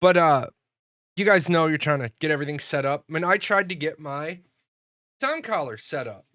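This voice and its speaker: Bright-voiced man, rambling and cursing. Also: a little high, lively intonation, moderate pace, no room sound, studio quality. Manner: rambling storyteller, swears freely, frequent restarts. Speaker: streamer. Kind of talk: casual livestream chat.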